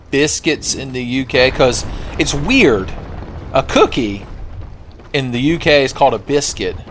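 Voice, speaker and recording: A man's voice: a little high, slight background noise. Sarcastic man joking over gameplay. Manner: joking, sarcastic, breaks into silly singing. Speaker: gaming video host. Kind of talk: casual let's play commentary.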